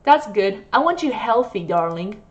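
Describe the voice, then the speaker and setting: A woman's voice: medium pitch, sing-song, normal speed, muffled recording, natural voice. A woman voicing an obsessive young female nurse who talks in a sweet, coaxing, possessive way.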